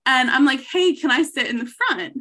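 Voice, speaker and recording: A woman co-hosting a casual chat podcast, telling a rambling story with frequent laughter and easy swearing. Her voice sits high and sounds bright and forward. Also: normal speed. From Savannah, Georgia. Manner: chatty storytelling, laughs often, swears freely. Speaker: podcast co-host.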